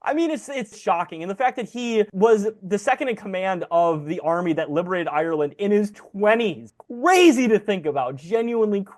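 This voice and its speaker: A man in his thirties co-hosting a podcast, chatting about a film in an animated way, swearing and laughing often. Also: sits high, normal speed, hardly any pauses. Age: 30s. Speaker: podcast co-host. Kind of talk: casual film review chat.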